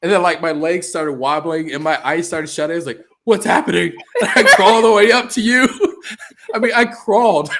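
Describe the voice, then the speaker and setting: A man on a podcast, telling his own mishaps in an animated, self-mocking way with lots of laughter. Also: sits high, moderate pace. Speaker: podcast co-host. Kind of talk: casual chat.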